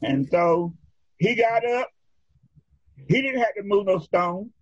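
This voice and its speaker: A male preacher giving a sermon in a rhythmic, drawn-out style, calling for responses from his congregation. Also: high voice, lively intonation, breathy edge, no room sound. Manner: rhythmic, drawn-out phrasing, leads the congregation in repeating lines. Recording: dull lo-fi recording.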